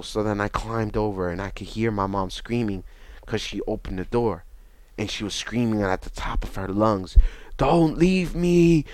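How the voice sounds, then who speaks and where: A young man, telling his own story in a halting, repetitive, reflective way. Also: on the low side, no room sound. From Bronx, New York. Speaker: interview guest. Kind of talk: personal testimony.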